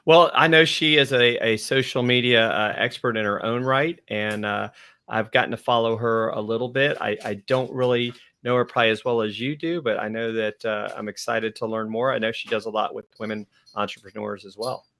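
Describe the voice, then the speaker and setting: A man's voice: mid-range voice, fairly even intonation, brisk, sharp tone. A man co-hosting a talk show, speaking in an upbeat, enthusiastic, casual way. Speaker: co-host. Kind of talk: casual chat.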